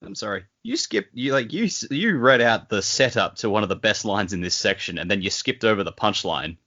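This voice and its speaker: Bright-voiced man, teasing co-host. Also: fairly low pitch, lively intonation, brisk, dull audio. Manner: teasing, jumps in to correct. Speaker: podcast co-host. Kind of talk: casual chat.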